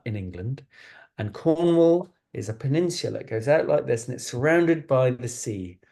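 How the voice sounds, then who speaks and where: Gravelly-voiced man reading a picture book aloud. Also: medium pitch. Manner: gentle and chatty, playful asides. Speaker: author reading to children. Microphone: video call.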